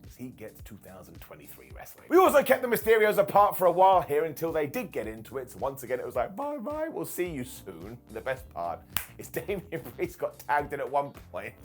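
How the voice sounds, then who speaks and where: A British man casually reviewing a wrestling show as its regular host, joking and putting on quick mock voices. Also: mid-range voice. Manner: animated, jokey, mock voices for quotes.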